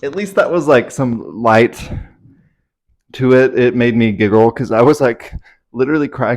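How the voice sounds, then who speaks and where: A man's voice: fairly low pitch, normal speed, darkish tone. A young man telling a story to his camera at home in a casual vlog, rambling, anxious and swearing freely. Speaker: vlogger. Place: at home indoors.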